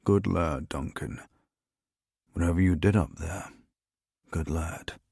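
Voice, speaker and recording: A man voicing a weary senior male officer who talks in a low, tired mutter. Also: fairly even intonation, fast, no echo, studio quality, close to an everyday voice.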